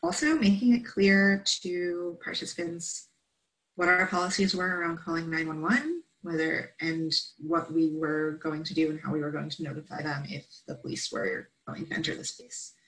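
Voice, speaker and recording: A woman's voice: low voice, moderate pace, fairly bright tone, rough recording. A woman presenting a training session, explaining steps in an instructive way and checking in with "right?" often.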